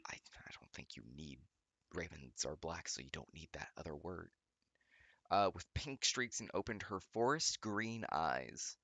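Young male host, sarcastic reader with a bright tone and a bouncy, expressive delivery. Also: deep voice, a little slow, no room sound. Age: young adult. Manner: sarcastic, laughs often, stumbles over words. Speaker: channel host reading fan fiction. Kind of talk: reading aloud with mocking commentary.

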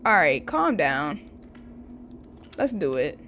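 Excitable woman yelling through a horror game. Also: medium pitch, unhurried, slight background noise. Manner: excitable, yelps and shouts when startled, chatty to viewers. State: slightly losing her voice. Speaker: gaming channel host. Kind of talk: casual horror game commentary. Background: game music.

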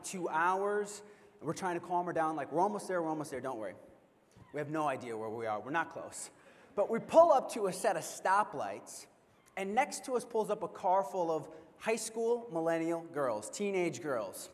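A young man giving a keynote speech at a convention, telling a funny story in an animated way and asking the audience questions. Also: high-pitched. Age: young adult. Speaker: keynote speaker. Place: large convention hall. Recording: long hall reverb.

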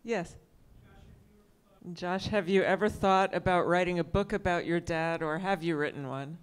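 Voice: medium pitch, fairly even intonation, normal speed, smooth. A moderator hosting an audience Q&A, politely reading out questions.

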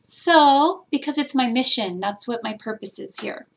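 Emotional woman vlogging, kinda high voice, earnest and meandering. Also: normal speed, creaky, a bit bright, a little hiss or hum. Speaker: spiritual guidance vlogger. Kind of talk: heartfelt personal vlog talk.

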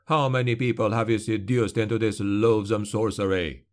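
A man's voice: fairly even intonation, lightly acted. A man voicing a cold, menacing witch hunter. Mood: cold menace. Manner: slow, low, cold snarling delivery. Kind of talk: audiobook character voice.

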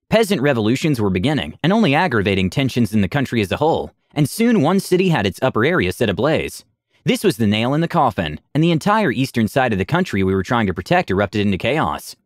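A man tells a tabletop adventure story in a scripted narration, his pitch rising and falling lively. The recording is dry, with no room sound. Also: dry recording.

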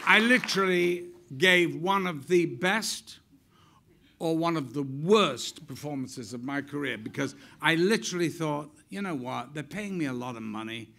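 Older actor, raconteur type; gravelly, bright, bawdy stage storyteller. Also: male voice, on the high side, unhurried, some chatter behind, a little hiss or hum. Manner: lively, irreverent storyteller, acts out quotes. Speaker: actor telling stories. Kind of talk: on-stage interview anecdote.

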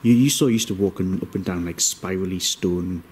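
Man, low voice, ghost-hunting vlog commentary, hushed asides, raised calls to spirits, faint background hiss. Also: moderate pace. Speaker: paranormal investigator. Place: cold indoor room in a business centre.

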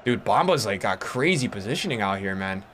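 A man's voice: on the low side, a little fast, slight background noise. A young man streaming a football video game, commenting casually, swearing often and talking to his chat. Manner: excitable, swears a lot, talks to chat. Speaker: gaming streamer.

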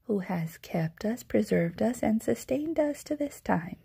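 A woman voicing a kindly, fussy old grandmother in a whispered role-play, soft, doting and chatty. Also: mid-range voice, animated, unhurried, vocal fry, breathy edge, exaggerated voice. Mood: cheerful.

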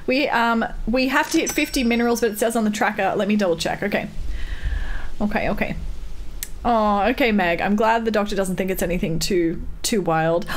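A woman's voice: fairly high pitch, animated, moderate pace. A woman from Australia streaming a farming game, chatting casually with her viewers in a put-on accent, thanking them and laughing often. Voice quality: doing a put-on accent instead of her normal one. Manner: reads out and thanks chat, laughs often, bubbly. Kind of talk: casual live-stream chat while gaming.

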